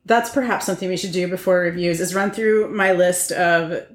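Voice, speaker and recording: A woman's voice: fairly low pitch, fairly even intonation, normal speed. Chatty woman co-host, roomy sound. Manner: chatty, laughs while talking. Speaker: podcast co-host. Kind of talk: casual chat. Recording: roomy echo.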